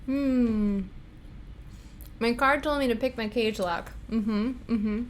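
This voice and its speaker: A woman's voice: a little high, slow pace, slight background noise. A woman hosting a casual livestream, chatting and giggling as she reads tarot cards for her viewers. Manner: giggly and chatty, answering chat. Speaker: livestream host.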